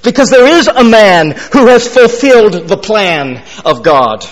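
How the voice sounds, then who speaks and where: High-voiced preacher in a reverberant hall. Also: male voice, lively intonation, measured pace. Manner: emphatic, repeats key phrases, drops low and quiet for stress. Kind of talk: expository sermon. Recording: long reverb of a large hall.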